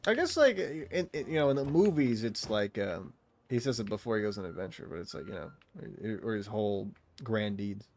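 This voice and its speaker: A man's voice: on the low side, lively intonation, a little fast, darkish tone. A man live-streaming a game, chatting casually with viewers in a rambling, self-interrupting way, laughing often and swearing freely. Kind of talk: casual chat with viewers while gaming.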